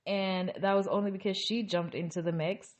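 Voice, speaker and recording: A woman's voice: mid-range voice, fairly even intonation, moderate pace. A woman recapping a reality TV episode in a casual, opinionated way, breaking off into exasperated asides.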